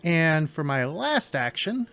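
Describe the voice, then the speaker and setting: A man's voice: on the high side, very animated, slow, fairly bright tone. A man playing a tabletop game at home, talking through his character's turn step by step. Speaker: player. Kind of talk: casual tabletop game play.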